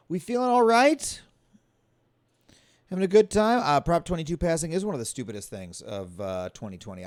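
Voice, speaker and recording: A man's voice: a little high, darkish tone, no echo, studio quality. Breezy man greeting a live chat. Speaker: comedian and streamer host. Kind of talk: casual live-stream chat. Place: large stone library.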